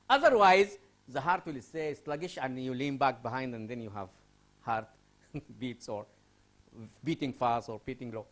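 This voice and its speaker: A man from Sudan lecturing a class on English writing, asking students questions and repeating key phrases. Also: fairly high pitch.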